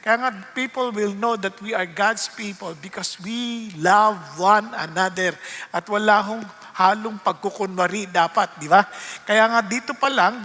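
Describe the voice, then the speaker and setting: A woman's voice: a little high, pushed and bright, big-room sound. A woman with a Filipino accent preaching a sermon, switching between English and Tagalog and asking rhetorical questions.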